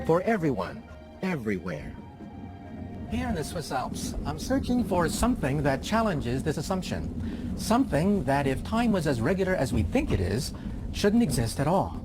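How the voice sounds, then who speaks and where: An older man presenting a science documentary in a dramatic, emphatic scripted narration. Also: fairly high pitch. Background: background music.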